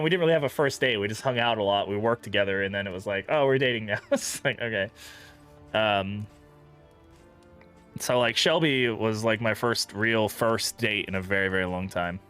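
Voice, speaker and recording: Bright-voiced young man, profane gameplay chat. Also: mid-range voice. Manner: chatty, profane, laughs often. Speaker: gaming streamer. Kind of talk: casual let's-play commentary.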